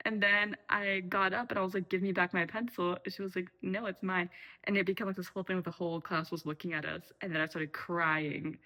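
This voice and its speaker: A young woman chats off the cuff at home, rambling and correcting herself as she goes. Her voice sits a little low but has a bright, forceful edge. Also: level tone, fast talker, few pauses, rough recording. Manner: rambling, chatty, frequent fillers and self-corrections. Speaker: vlogger. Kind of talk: unscripted casual chat. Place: home, making tea.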